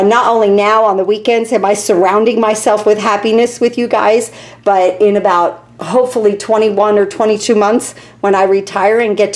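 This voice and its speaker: A woman's voice: mid-range voice, darkish tone. A woman in her fifties, a stamping demonstrator giving a chatty, enthusiastic card-making tutorial from her home craft room, with frequent ums along the way.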